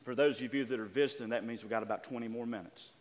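An older man preaching a sermon as pastor, calling out to his congregation and drawing out key words slowly. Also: mid-range voice, big-room sound, a little hiss or hum. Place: church sanctuary.

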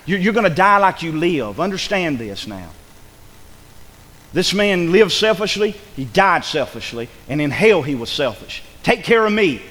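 A man's voice: on the high side, fairly bright tone, in a large hall, rough recording. A male pastor preaching a sermon, repeating phrases for emphasis and building to urgent peaks. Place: church.

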